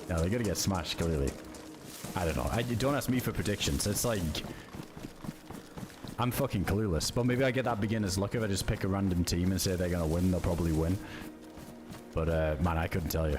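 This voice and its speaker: A man's voice: low-pitched, brisk, long pauses, over music. A young man streaming a survival game, chatting casually with viewers, reading chat aloud and swearing offhandedly. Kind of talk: casual live-stream chat while gaming.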